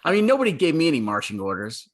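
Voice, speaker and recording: A man's voice: on the high side, huge pitch swings, racing. A man appearing as a guest on a horror podcast, wry and blunt and joking with casual swearing. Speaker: magazine editor and guest. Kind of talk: casual interview chat.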